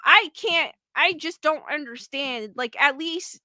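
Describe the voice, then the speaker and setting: A woman's voice: sits high, a little slow, pushed and bright, dry recording, studio quality. A woman hosting a livestream who chats casually, reacts to a news clip, and reads comments aloud with rambling exclamations of disbelief. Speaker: livestream host.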